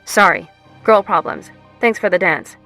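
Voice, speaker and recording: A woman's voice: on the low side, animated, a little slow, sharp tone, faint music behind, full character voice. A woman voicing a brash young woman who is direct, bossy and foul-mouthed. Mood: shouting. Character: bold, brash young woman, blunt best friend.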